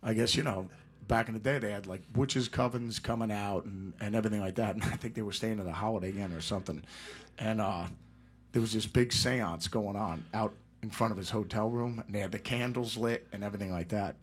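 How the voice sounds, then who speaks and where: A middle-aged man with a husky, lowish voice spins loose, rambling anecdotes, chuckling as he goes. He sounds relaxed and chatty, the way a guest sounds on a casual interview show. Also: brisk. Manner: rambling anecdotes with laughs and impressions. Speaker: guest musician.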